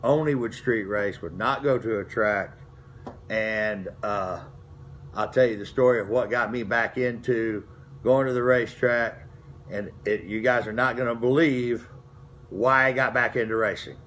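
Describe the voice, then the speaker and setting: A man's voice: medium pitch, steady tone, unhurried, a bit bright, slight background noise. A middle-aged man, telling racing stories from his past in a folksy, rambling way, full of restarts. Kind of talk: casual storytelling to camera.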